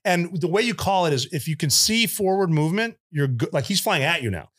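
Veteran male guest, slightly high voice, blunt and profane, lively anecdote teller. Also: brisk. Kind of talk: casual war storytelling.

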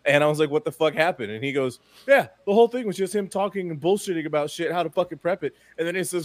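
Fields: Sex: man. From: South Florida. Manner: animated, swearing. Pitch: slightly high. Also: dry recording. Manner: animated, swearing, quick laughter. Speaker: co-host reacting to a video. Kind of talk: casual profane storytelling.

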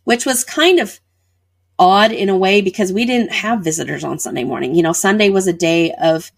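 A woman with a creaky, medium-pitched voice at a moderate pace appears as an interview guest. She vividly recounts a personal experience, acting out what people said.

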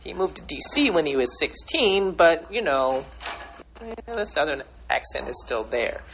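A man's voice: fairly high pitch, big pitch swings, moderate pace, vocal fry, fairly bright tone, slight background noise, rough recording. A man hosting a casual discussion, rambling in long clauses as he thinks aloud.

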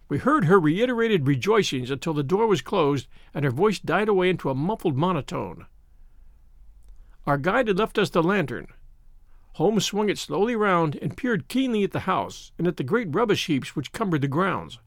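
A man narrating a story in an expressive, dramatic reading. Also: high voice, normal speed, no echo, studio quality. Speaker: audiobook narrator. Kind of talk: scripted narration.

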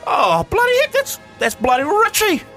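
A man's voice: very high-pitched, huge pitch swings, normal speed, pushed and bright, faint music behind, voice pushed up, heavily acted. A man putting on a hearty rural farmer character with a broad New Zealand farmer's accent. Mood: excited. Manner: broad, exclaiming.

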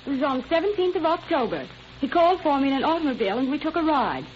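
A woman's voice: high-pitched, lively intonation, rapid-fire, a little hiss or hum. An actress playing a young woman witness giving matter-of-fact testimony, in 1940s radio acting. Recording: muffled old radio broadcast.

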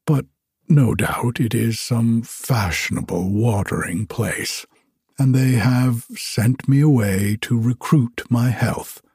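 A man voicing a vain, touchy firework rocket in a storybook, speaking in a self-important, complaining way with a breathy voice. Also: mid-range voice, slow, darkish tone, no room sound, studio quality, full character voice. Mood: haughty.

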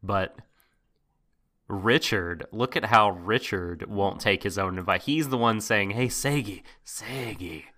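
A man's voice: lowish voice, takes it slowly, pushed and bright. A man co-hosting a casual podcast, ranting animatedly with swearing and voice jumps when exasperated. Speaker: podcast co-host. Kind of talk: casual anime discussion podcast.

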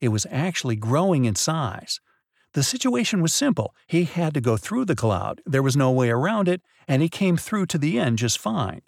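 A man's voice: a little high, big pitch swings, moderate pace, gravelly, no room sound, clean studio sound. A man co-hosting a podcast, patiently telling a mystery story with dramatic build-ups. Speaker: podcast co-host. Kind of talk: casual storytelling chat.

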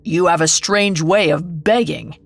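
A woman's voice: on the low side, measured pace, dry recording. A woman voicing a stern, commanding storybook king who demands answers. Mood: stern, furious.

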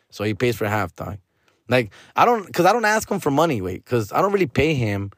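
A man's voice: medium pitch, no room sound. Dude cussing thru a story on his podcast, dry mic, mid voice. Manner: profane, slangy, mixes in Spanish. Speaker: podcast host. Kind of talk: casual storytelling rant.

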